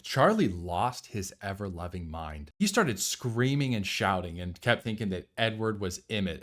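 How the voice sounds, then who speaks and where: Guy doing live movie reactions, swears a lot, sarcastic, voice jumps all over the place. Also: fairly low pitch. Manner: sarcastic, profane, animated. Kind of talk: casual live film commentary.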